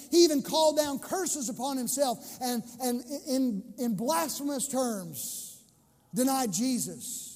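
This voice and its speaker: A male pastor preaching an impassioned sermon to his church, stretching key phrases slowly for emphasis. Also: very high-pitched, expressive, darkish tone, big-room sound.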